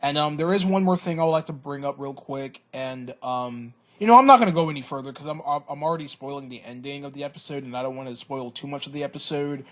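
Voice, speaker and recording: A man giving a casual cartoon episode review, hesitant, often repeating words and filling pauses. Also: mid-range voice. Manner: hesitant, stammers and repeats words, many fillers.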